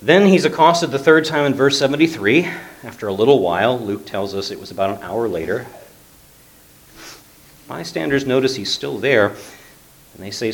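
A man teaching through a Bible passage in a conversational way, with frequent fillers and lively emphasis. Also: mid-range voice, normal speed.

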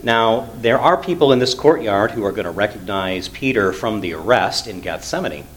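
A man with a somewhat low voice explains a Bible passage verse by verse. He talks plainly and conversationally, with frequent fillers, and leans into his points now and then. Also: normal speed, a little hiss or hum. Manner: conversational, with many "uh" fillers and lively emphasis. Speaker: Bible teacher. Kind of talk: expository Bible teaching.

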